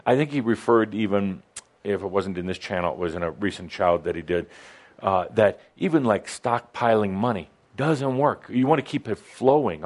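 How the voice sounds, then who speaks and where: A man co-hosting a casual spiritual discussion, talking in a relaxed, halting way with many restarts. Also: deep voice. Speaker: co-host discussing channelled teachings.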